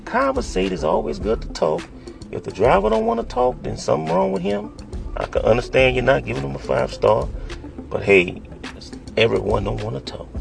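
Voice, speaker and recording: A man's voice: medium pitch, lively intonation, moderate pace, creaky, music in the background. A man, a rideshare driver, lecturing passengers straight to camera and often asking if they understand. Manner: lecturing, scolding, keeps asking "you understand?". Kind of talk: direct-to-camera advice monologue.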